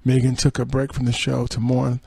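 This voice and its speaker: Gravelly, husky man reading celebrity news. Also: mid-range voice, completely flat delivery, brisk, dark tone, no room sound. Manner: reads quotes then adds dry sarcastic asides and laughs. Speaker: podcast host. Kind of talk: reading entertainment news with asides.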